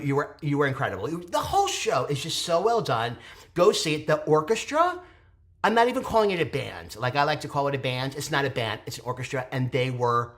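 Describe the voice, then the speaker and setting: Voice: mid-range voice, fairly bright tone. An adult vlogger giving a casual, chatty review of a local show, gushing and digressive, with theatrical asides. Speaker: theatre reviewer hosting own channel.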